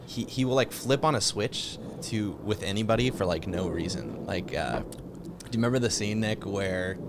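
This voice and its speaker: Low-voiced young man, casual and profane. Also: normal speed, heavy background noise. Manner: loose, profane, animated storytelling. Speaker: podcast co-host. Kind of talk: casual chat.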